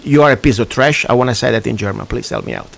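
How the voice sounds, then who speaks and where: A man's voice: mid-range voice, fast talker, creaky. A man with an Italian accent hosting a radio talk show, ranting emphatically in broken English. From Italy.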